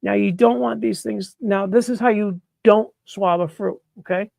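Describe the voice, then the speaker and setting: A blunt, exasperated man hosts a casual live mushroom chat, his voice pitched high and heavily gravelly with fry. He swears freely as he demonstrates, recorded dry and close with no room sound. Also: steady tone, moderate pace, a little mellow, dry recording. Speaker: host of a live mushroom-growing stream.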